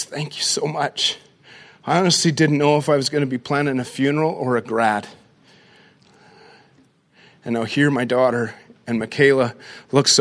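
A middle-aged man, a pastor giving an energetic, story-driven talk to a church crowd and calling them "guys". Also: mid-range voice.

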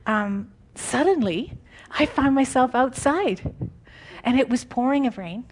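A woman preaching an informal, conversational sermon, animated and often laughing. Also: high voice, a little slow.

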